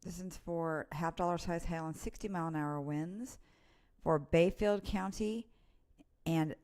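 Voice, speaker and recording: A weather presenter with a lowish, somewhat mellow voice keeps a steady tone and never hurries. On a live severe weather broadcast she talks informally and chattily, walking through the radar warnings and naming places as she spots them.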